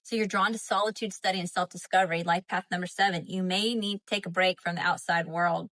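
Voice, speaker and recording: A woman's voice: lowish voice, steady tone, quick pace, a bit bright. A woman with a Southern accent hosting a casual spiritual livestream, chatty and repetitive, often checking in with "right?" and "you know?". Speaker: spiritual host. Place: home, live stream. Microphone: phone or webcam mic.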